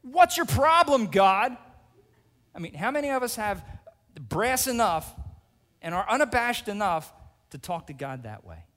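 A male pastor preaching emphatically, swinging between loud declarations and hushed asides and checking in with his congregation. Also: high-pitched, sing-song, moderate pace, long reverb tail. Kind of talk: sermon.

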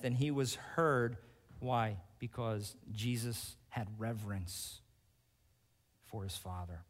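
A male pastor preaching emphatically, swinging between loud declarations and hushed asides and checking in with his congregation. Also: on the low side, slow, in a large hall. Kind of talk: sermon.

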